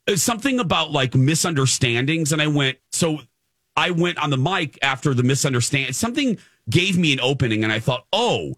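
A man hosts a casual radio chat, telling a self-mocking story. His voice is bright and lively, jumping around in pitch as he acts out the quotes. The mic is close and dry. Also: fairly quick, husky, no room sound. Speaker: radio show host.

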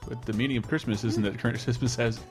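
A man's voice: medium pitch, steady tone, a little fast, over music. A man hosting a podcast in casual chat, crude and joking, laughing often. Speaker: podcast host.

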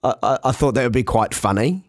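A man hosting a cricket podcast in casual, animated, self-mocking chat. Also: mid-range voice, fast, dry recording, studio quality.

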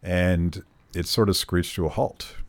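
A man hosting a conversational interview, speaking in a measured, thoughtful way with the occasional filler. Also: sits low, steady tone. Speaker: host.

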